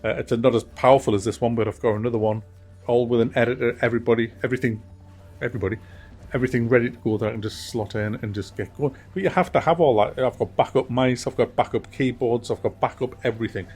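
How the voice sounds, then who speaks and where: Husky man chatting casually. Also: medium pitch, steady tone, fast talker, a little mellow, faint music behind. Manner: rambling, frequent restarts and mild swearing. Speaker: gaming channel host. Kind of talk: casual monthly update chat. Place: home office.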